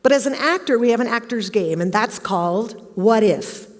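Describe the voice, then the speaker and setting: A woman's voice: on the high side, expressive, moderate pace. Storytelling woman in an echoing hall. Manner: storytelling, acts out quoted questions. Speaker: speaker giving a talk. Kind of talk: motivational stage talk. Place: large auditorium. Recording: long hall reverb.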